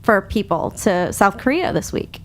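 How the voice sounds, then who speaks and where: A woman's voice: medium pitch, big pitch swings, moderate pace. A woman hosting a radio talk show, chatting in a giggly, self-mocking, bawdy way with a slight stutter. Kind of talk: casual comedic chat.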